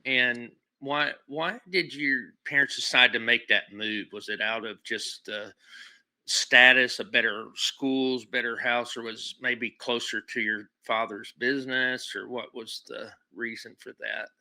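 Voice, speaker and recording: A man's voice: medium pitch, fairly even intonation, measured pace, pushed and bright. A man hosting an interview show, listening attentively and asking his guest follow-up questions. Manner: attentive, frequent murmured backchannels. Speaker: podcast host.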